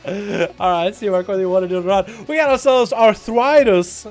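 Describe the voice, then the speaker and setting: Excitable high-voiced American-accented streamer. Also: male voice, faint music behind. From Russia. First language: Russian. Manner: excitable, quick play-by-play calls, laughs often. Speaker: livestream host. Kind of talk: live game commentary and chat. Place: hot home room.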